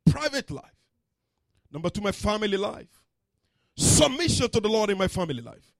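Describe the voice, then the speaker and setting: A man preaching a sermon to a church congregation, dramatic and full of story voices, dropping to a hush and rising to shouts. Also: high-pitched, sing-song, moderate pace, gravelly, no room sound. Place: church service.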